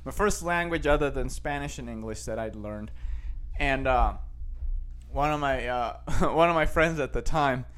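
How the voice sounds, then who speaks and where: A man's voice: medium pitch, moderate pace, fairly bright tone, smooth, soft background music. A young man from Costa Rica chatting casually as a show host, rambling with many fillers and restarts. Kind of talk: casual chat.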